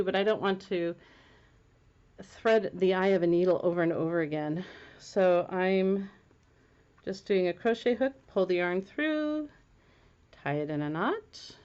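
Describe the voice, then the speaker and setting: A woman's voice: mid-range voice, animated, normal speed, pauses often, darkish tone, clean tone. Giggly, chatty woman with dull lo-fi audio. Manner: chatty, giggly, self-amused. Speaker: crafting vlogger. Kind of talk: casual knitting tutorial chat.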